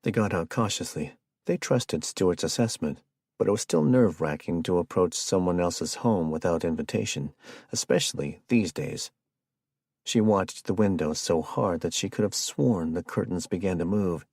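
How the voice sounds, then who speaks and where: A man reads an audiobook in an even, measured way. His voice is very deep with a husky, gravelly texture. The recording is close and dry. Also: dry recording. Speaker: audiobook narrator. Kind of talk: scripted narration.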